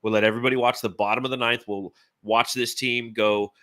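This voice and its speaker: A man in his forties hosting a casual sports podcast, talking in an animated, rambling, enthusiastic way. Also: medium pitch, brisk, no room sound, clean studio sound. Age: 40s. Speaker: podcast host.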